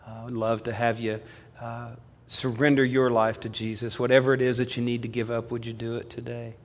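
A man preaching a sermon as pastor, telling stories and swinging from loud emphasis to hushed appeals. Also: mid-range voice, flat delivery, a little fast. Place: church sanctuary. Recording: long reverb of a church hall.

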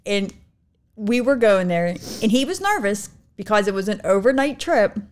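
A woman's voice: mid-range voice, sing-song, moderate pace, crowd noise. A middle-aged woman telling funny family stories in casual chat, laughing often as she talks. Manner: laughs often while telling stories, mimics voices in quotes. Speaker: mother of the co-host.

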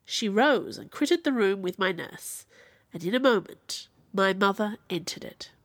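Woman narrator, audiobook reading, expressive, mid-pitched, dry close sound. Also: a little slow, no echo. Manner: expressive, dramatic in quoted speech. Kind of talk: audiobook reading of a classic novel.

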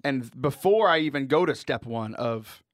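A man's voice: mid-range voice, expressive, moderate pace, no echo. Laughing radio host man, dry mic. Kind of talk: casual chat.

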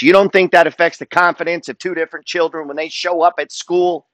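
Higher-voiced man, dry close sound, punchy profane motivational coach. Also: fairly even intonation, fairly quick, hardly any pauses, a bit bright, no echo. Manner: emphatic, profane, preacher-like. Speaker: wealth and trading coach. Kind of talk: motivational monologue.

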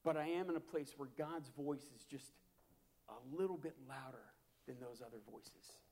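A man preaching a sermon as a pastor, impassioned and repetitive, swinging from hushed to loud. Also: medium pitch, moderate pace. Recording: long hall reverb.

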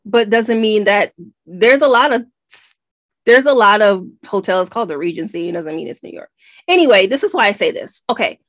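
An American woman co-hosting a casual book-club podcast, animated and nitpicky with lots of rambling asides. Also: medium pitch, normal speed, no echo. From United States. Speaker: podcast co-host.

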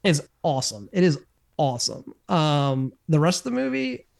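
A man's voice: on the high side, sing-song, normal speed, vocal fry, darkish tone. A man co-hosting a podcast, chatting casually in a rambling way, often correcting himself. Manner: rambling, self-correcting, chuckles. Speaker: podcast co-host. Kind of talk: casual chat.

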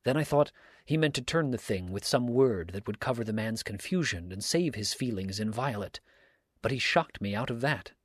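A man narrating a first-person story aloud in a steady, earnest reading style. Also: mid-range voice, normal speed, husky, dry recording, clean studio sound. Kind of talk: audiobook reading.

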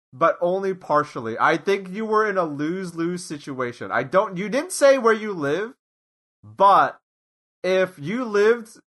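A bright, high-pitched man rants through a casual podcast chat. His voice leaps up and down as he gives advice, swearing freely along the way. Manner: animated, ranting, swears freely. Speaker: podcast host.

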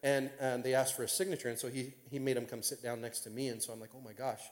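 A man, a pastor, tells a personal story to an audience in an excitable, rambling way full of fillers. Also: medium pitch, quick pace. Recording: long reverb of a large hall.

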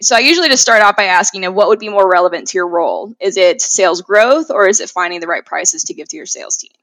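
A woman's voice: mid-range voice, expressive, quick pace, a bit bright, no room sound, rough recording. A woman in sales, a guest on an interview, talking chattily and filling her speech with "like" and "you know". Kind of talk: conversational interview.

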